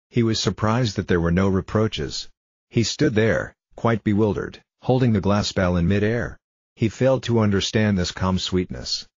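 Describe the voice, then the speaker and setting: A man reading a storybook aloud for English learners in a calm, measured way. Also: on the low side, breathy edge, no echo. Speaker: storybook reader. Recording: dull lo-fi dry recording.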